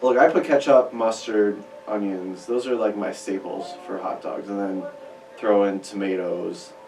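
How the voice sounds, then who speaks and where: A man's voice: fairly low pitch, steady tone, a little slow, darkish tone, soft background music. Chatty man, roomy distant radio mic. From Chicago. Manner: chatty, rambling. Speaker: musician guest. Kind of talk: casual radio interview. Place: radio studio.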